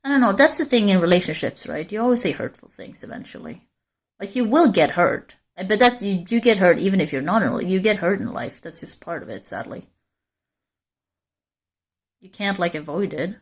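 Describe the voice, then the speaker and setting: A woman's voice: medium pitch, lively intonation, moderate pace. A woman livestreamer walking in a forest, talking candidly and rambling straight to her viewers in casual chat. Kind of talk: casual live-stream chat.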